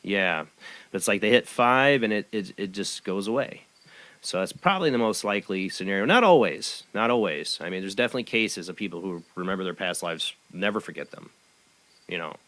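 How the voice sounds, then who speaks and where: A man's voice: sits low, fairly quick, bright, forceful tone, no room sound. A man hosting a live webcast talk show, chatting in a rambling way and reading a news article aloud. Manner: chatty and rambling, with many fillers and restarts. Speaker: host.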